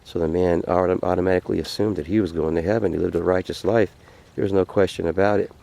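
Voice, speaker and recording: A man telling a folk tale in an unhurried, folksy way, repeating phrases as he goes. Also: low-pitched, steady tone, vocal fry, mellow. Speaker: vlogger telling a story. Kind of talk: folksy spoken storytelling. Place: outdoors by a frozen lake.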